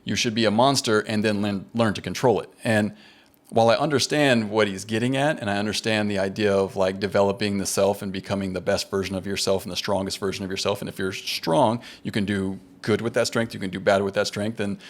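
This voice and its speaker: A man's voice: fairly low pitch, fairly even intonation, a little fast. A man hosting a podcast conversation, thinking aloud carefully and often restarting his words as he works out a point. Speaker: podcast host. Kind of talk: casual conversation.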